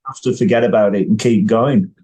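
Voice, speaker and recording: A man's voice: on the low side, steady tone, brisk, dark tone, poor audio. A man hosting a podcast interview, encouraging his guest with short replies. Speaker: podcast host. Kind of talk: casual interview chat.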